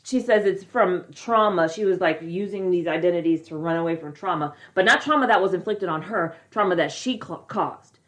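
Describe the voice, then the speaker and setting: A woman with a lowish voice co-hosts a casual podcast chat. She is outspoken and incredulous, often swearing as she reacts. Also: a little fast, few pauses, fairly bright tone. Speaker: podcast co-host.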